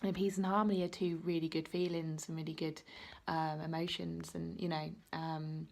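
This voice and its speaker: A woman's voice: low-pitched, flat delivery, normal speed, vocal fry, darkish tone. A woman giving an intuitive card reading to her viewers. She talks in a chatty, rambling way, full of "like" and "you know", and she encourages the viewer directly. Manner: encouraging, speaking straight to the viewer. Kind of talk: casual card-reading vlog.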